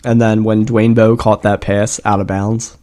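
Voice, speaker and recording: A man's voice: on the low side, level tone, a little slow, warm tone. A man co-hosting a podcast in casual chat, telling rambling, profane stories and laughing often. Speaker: podcast co-host.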